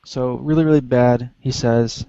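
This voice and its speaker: A man's voice: medium pitch, fairly even intonation, unhurried, vocal fry, mellow, clear, resonant tone, no echo. A man in a casual Bible study on a video call, talking in a plain, matter-of-fact way about grammar. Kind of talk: casual discussion. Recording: dry, muffled video call audio.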